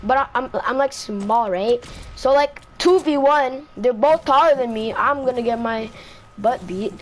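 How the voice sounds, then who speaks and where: A woman's voice: a little high, unhurried, a little hiss or hum. A woman telling a casual storytime, rambling, repeating herself and asking "right?" after most lines, into a close mic. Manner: rambling, repeats itself, says "right?" often. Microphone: own mic close to the face.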